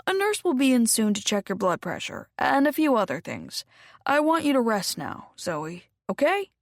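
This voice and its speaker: Lady doing a calm steady doctor guy, measured, slightly gravelly, storybook. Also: a little high, no room sound, studio quality, exaggerated voice. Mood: reassuring. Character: calm middle-aged male hospital doctor.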